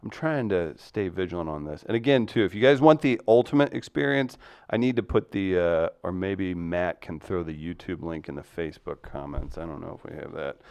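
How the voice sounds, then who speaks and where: A man's voice: deep voice, animated, fairly quick, gravelly, a little mellow, clean tone, dry recording. A man hosting a casual live-stream talk show, joking and reading listener comments aloud. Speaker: podcast host.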